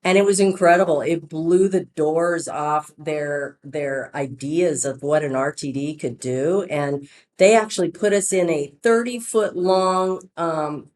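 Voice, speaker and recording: A woman founder telling her business story in a casual podcast interview, chatty and animated, acting out quoted dialogue. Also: low-pitched, unhurried.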